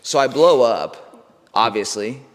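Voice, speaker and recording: A man's voice: medium pitch, lively intonation, slow. Profane storytelling man, reverberant room. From United States. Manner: swears freely, says "bro" and "like". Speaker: podcast guest, mindset coach. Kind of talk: casual storytelling.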